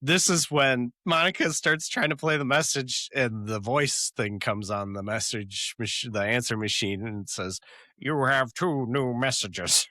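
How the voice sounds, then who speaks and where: A man co-hosting a podcast, chatting casually as he retells a sitcom episode with lively asides. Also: mid-range voice, moderate pace, few pauses, no room sound, clean studio sound. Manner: animated retelling with laughs and fillers. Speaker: podcast co-host. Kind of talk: casual chat recapping a TV episode.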